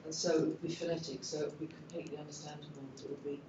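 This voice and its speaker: A woman in the audience making a soft, tentative remark from the floor. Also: deep voice, level tone, rapid-fire, a little hiss or hum. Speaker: audience member. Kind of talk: question from the floor. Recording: distant, roomy, dull room sound.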